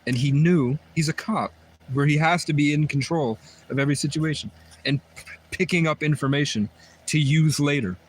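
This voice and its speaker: A man's voice: fairly high pitch, normal speed. A man on a livestream telling a long personal story in a rambling, repetitive way, often restarting his sentences. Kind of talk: livestream monologue.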